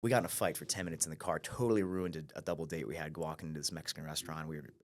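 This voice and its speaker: A man in his thirties from Ohio speaks as a podcast guest, his voice very low and his delivery quick. He tells his story with animation, jumping into other people's voices and restarting sentences as he goes. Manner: animated storyteller who acts out quoted voices, with frequent restarts. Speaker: guest, brokerage CEO.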